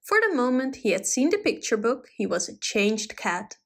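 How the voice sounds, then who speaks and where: Woman reading a kids story out loud, kinda high voice, super lively up and down. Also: moderate pace. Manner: expressive, animated. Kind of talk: storybook read-aloud.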